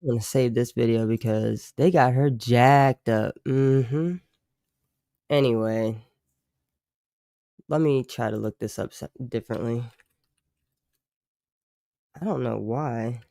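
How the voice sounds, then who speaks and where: Guy chatting on a stream, slangy and laid back, lots of "like", mid-pitched, dry sound. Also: slow, gravelly, pauses often, dark tone, no echo. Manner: loose slangy talk, many "like" fillers, swearing; chuckles often between remarks. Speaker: livestream host. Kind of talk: casual livestream chat.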